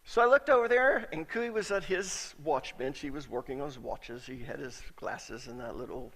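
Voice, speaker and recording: A middle-aged man preaching a sermon as a pastor, telling stories in a conversational way and sometimes getting suddenly loud for emphasis. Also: on the high side, normal speed, long reverb tail.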